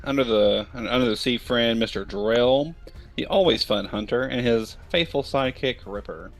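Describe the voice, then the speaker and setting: A man's voice: medium pitch, moderate pace, soft background music. Upbeat man hosting a tabletop stream. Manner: upbeat, introducing players one by one. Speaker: game master and show host. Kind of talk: livestream tabletop game introduction.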